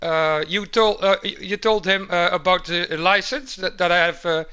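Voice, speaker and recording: Male streamer, high-pitched, halting and repetitive, casual chat. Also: steady tone, bright, forceful tone, smooth. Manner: halting, repeats words, says man a lot.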